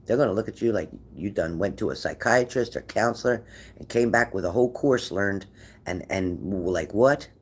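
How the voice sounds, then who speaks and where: A man's voice: lowish voice, normal speed, husky. A man giving a tarot reading to viewers, talking in an encouraging way and often repeating his phrases. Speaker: tarot reader.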